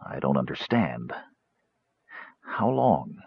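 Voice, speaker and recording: A man voicing a steady half-elf leader who speaks firmly and commandingly. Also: a bass voice, slow, gravelly, husky, no room sound, pitched below the performer's own voice, full character voice. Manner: firm, commanding. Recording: slightly dull audiobook recording.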